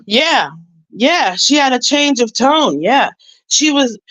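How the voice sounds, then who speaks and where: A woman's voice: high voice, lively intonation, takes it slowly, fairly bright tone, poor audio. A woman telling her viewers a story in casual chat, talking emphatically and repeating herself for weight. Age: adult with a son. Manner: emphatic, repetitive, conversational. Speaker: YouTube commentator.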